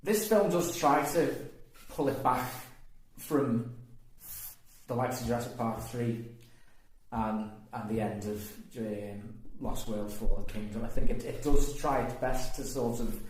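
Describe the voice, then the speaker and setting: A man's voice: medium pitch, a little slow, a little mellow. A man co-hosting a casual movie review chat, rambling and restarting his words. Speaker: podcast co-host. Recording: very echoey room, faint noise.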